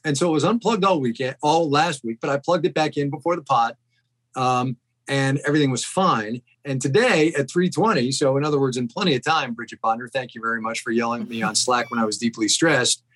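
A man's voice: mid-range voice, fairly quick, a bit bright. A man co-hosting a podcast from a home shed over a video call, telling a rambling, self-deprecating story in casual chat. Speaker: podcast co-host. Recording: poor video call audio.

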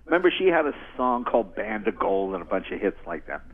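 A man's voice: fairly low pitch, quick pace, phone-quality sound. An older man, a guest comedian, telling anecdotes in casual chat and acting out the people in them. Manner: animated, acts out voices in anecdotes. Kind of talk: casual storytelling.

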